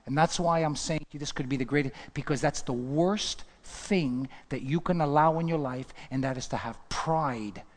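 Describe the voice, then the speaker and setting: Male pastor preaching hard, high voice, long hall echo, gets loud then drops real quiet. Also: normal speed, hardly any pauses. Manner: fervent preacher, swinging from shouts to hushed asides. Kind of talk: sermon.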